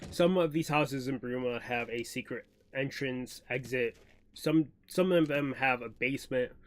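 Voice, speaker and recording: A man's voice: mid-range voice, unhurried, a little hiss or hum. A male streamer giving casual gameplay commentary, rambling and thinking aloud.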